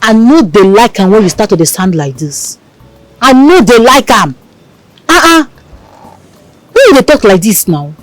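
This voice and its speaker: A woman's voice: fairly high pitch, sing-song, moderate pace, long pauses, dry recording, soft background music, low-quality recording. An actress with a Nigerian accent playing a devoted young heiress who reassures her lover in a film drama. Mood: teasing. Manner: tender, reassuring, shifts into pidgin.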